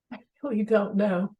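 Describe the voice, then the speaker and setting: A woman's voice: mid-range voice, lo-fi sound. A woman sharing in an online group, rambling and searching for words. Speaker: participant. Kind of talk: personal share.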